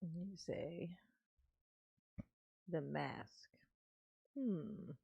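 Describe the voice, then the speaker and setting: Woman on a livestream, slow easygoing drawl, gravelly voice, swears a lot, chatting with viewers. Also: sits low, animated, dark tone, dry recording, lo-fi sound. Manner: laid-back, swears freely, breaks into laughter. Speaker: livestream host reading viewer comments. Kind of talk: casual livestream chat.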